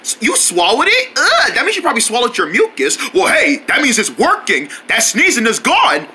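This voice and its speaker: One speaker voicing all the characters of a homemade cartoon and its channel promos, jumping between voices and shouting exclamations. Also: sits high, huge pitch swings, normal speed.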